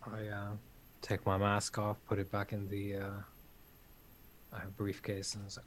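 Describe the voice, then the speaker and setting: A man role-playing his character at a tabletop game in a measured, formal, stiff way. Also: on the low side, monotone, a little hiss or hum. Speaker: player.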